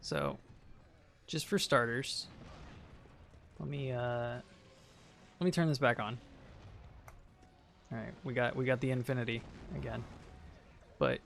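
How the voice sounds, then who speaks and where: A man streaming a video game, casually ranting and insisting on his point, sometimes trailing off quietly. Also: mid-range voice, vocal fry, slight background noise.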